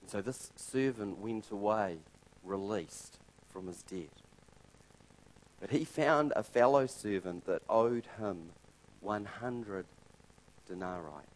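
A man preaching with a lowish voice, talking to his congregation as if in conversation. He builds up loudly through a story, then drops to a soft, quiet emphasis for the key points. A faint hum of the room sits behind him. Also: lively intonation, slow pace, low-quality recording. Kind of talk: sermon.

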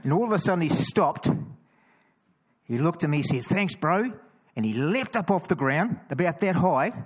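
A man with a New Zealand accent, casually telling stories of walking the roads with a cross, full of quick restarts and chatty asides. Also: a little high, lively intonation, husky, low-quality recording. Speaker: cross-carrying Christian walker. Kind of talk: casual storytelling testimony.

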